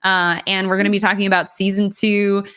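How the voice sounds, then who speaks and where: A woman's voice: mid-range voice, flat delivery, a little fast, a bit bright, clear, resonant tone. A woman chatting casually as a guest player, bubbly and rambling and laughing often. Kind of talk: casual chat.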